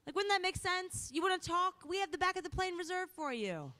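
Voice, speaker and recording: A woman's voice: very high voice, normal speed, hardly any pauses. A woman hosting a conference on stage, bubbly and playful, speaking into a microphone. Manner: bubbly and playful, lively delivery. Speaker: event emcee. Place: conference hall.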